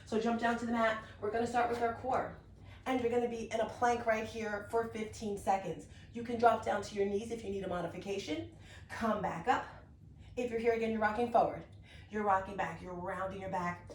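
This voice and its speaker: A woman's voice: medium pitch, fairly even intonation, normal speed, slight background noise. A woman fitness instructor talking viewers through a workout on a mat at home, upbeat and encouraging, a little out of breath. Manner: upbeat, encouraging, talks while demonstrating. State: slightly out of breath. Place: room at home on an exercise mat. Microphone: camera mic at a distance. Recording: echoey room, distant camera mic.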